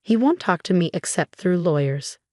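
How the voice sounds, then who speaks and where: A woman voicing a remorseful older mother-in-law who speaks softly and apologetically. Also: lowish voice, lively intonation, moderate pace, no echo, clean studio sound, lightly acted. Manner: soft, apologetic.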